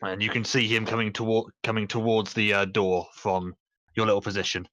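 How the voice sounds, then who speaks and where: A man's voice: lowish voice, flat delivery, a little fast, pushed and bright, no room sound. Guy running a tabletop game, rambly descriptions, dry close mic. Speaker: game master.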